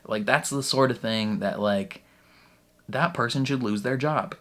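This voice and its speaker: A man hosting a reaction vlog in casual, animated talk, laughing between phrases and leaning heavily on "like" as a filler. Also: medium pitch, measured pace. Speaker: reaction channel host.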